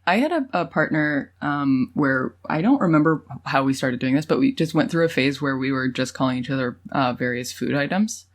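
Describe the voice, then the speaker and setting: Low-voiced woman, hesitant and giggly. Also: expressive, fairly quick, hardly any pauses. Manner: hesitant, lots of ums, laughs while telling stories. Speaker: podcast co-host. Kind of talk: casual chat.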